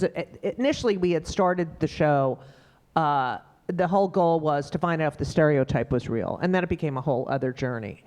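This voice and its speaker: A middle-aged woman comedian, telling stories emphatically in a panel conversation. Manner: animated, emphatic storyteller with sudden pitch jumps. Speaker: stand-up comedian.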